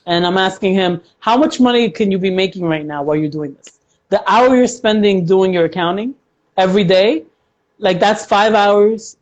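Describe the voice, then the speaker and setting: A woman's voice: medium pitch, moderate pace, a little mellow. A woman accountant speaks as a guest in a casual interview, her voice sitting in a middle range. She explains things in a chatty way, using examples and plenty of fillers. Her audio sounds dull and lo-fi, like a call recording.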